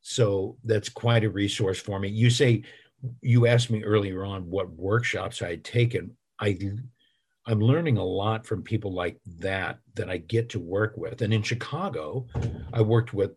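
A man's voice: fairly low pitch, unhurried, darkish tone, slightly rough. A middle-aged man, an actor and voice actor, telling rambling, self-deprecating stories in a casual interview.

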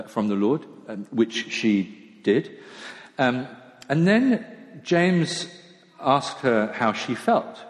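A man preaching a sermon in a church in a conversational, self-deprecating way, dropping into quiet asides. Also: fairly low pitch. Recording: long church hall reverb.

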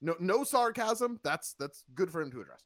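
A man's voice: sits high, animated, moderate pace, a bit bright, no room sound, studio quality. A man hosting a casual podcast, reviewing wrestling with sarcasm and acting out quotes in funny voices. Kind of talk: casual chat.

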